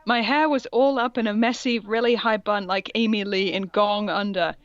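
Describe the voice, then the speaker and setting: A woman's voice: mid-range voice, fairly even intonation, normal speed, no echo, muffled recording. A woman co-hosting a podcast, reading fan fiction aloud and stumbling over its odd words with comic disbelief. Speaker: podcast co-host.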